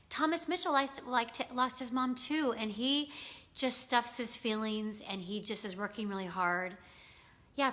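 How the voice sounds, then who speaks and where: A woman's voice: a little high, fairly bright tone. A woman hosting a casual live stream, chatting with viewers, greeting them by name and talking with many fillers. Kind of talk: casual live-stream chat reading comments.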